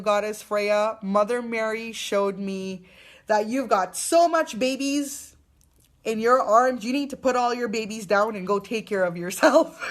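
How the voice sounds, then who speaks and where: A young adult mother with a fairly high voice gives viewers a live spiritual card reading. She is gentle and affirming, with many fillers and restarts.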